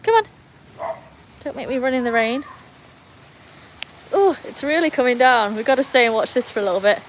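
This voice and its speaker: A British woman with a fairly high voice hosts a relaxed livestream from under a tin veranda roof while rain falls. She chats easily, reads out her viewers' comments and calls to her dogs. Faint background noise sits under her voice. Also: moderate pace, low-quality recording. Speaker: livestream host. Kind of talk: casual livestream chat. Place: covered tin-roofed veranda during rain.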